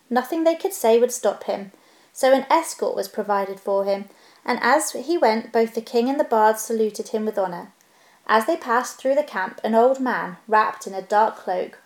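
Woman narrator, storybook reading, calm and steady, fairly high voice, roomy echo. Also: normal speed.

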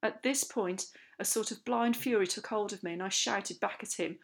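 A woman narrating a children's novel aloud in the first person, lively and expressive. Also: medium pitch, normal speed, creaky. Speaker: audiobook narrator. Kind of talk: scripted storybook narration.

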